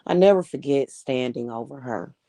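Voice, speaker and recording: A woman's voice: extremely low pitch, animated, moderate pace, warm tone, no echo. A woman hosting a casual livestream as a spiritual reader, telling stories in a blunt, profane and emphatic way.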